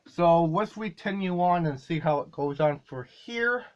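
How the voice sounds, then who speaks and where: Speaking a little slowly in an animated voice on the high side, a man describes how he puts together his comedy videos. The recording has its highs cut off. As a video creator giving a relaxed behind-the-scenes look, he wanders a little and fixes his own wording as he talks.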